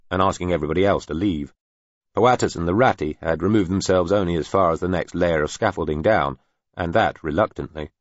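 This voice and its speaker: A man narrating an audiobook in an even, measured reading. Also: sits low, dry recording, lo-fi sound. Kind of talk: scripted narration.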